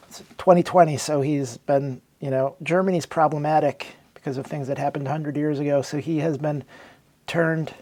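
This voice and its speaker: A man's voice: a little high, fairly even intonation, moderate pace, darkish tone. A man narrating a comedic, mock-dramatic retelling with sarcastic storytelling.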